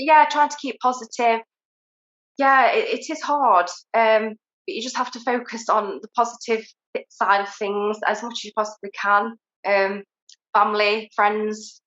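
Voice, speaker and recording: A cheerful, giggly British woman chats as a podcast guest, filling her sentences with little pauses. Her voice is bright and lively in tone. The sound is roomy and a bit dull, as if from a far-off lo-fi recording. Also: mid-range voice. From United Kingdom. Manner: cheerful and giggly, with many fillers. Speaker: interview guest. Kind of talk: casual interview chat.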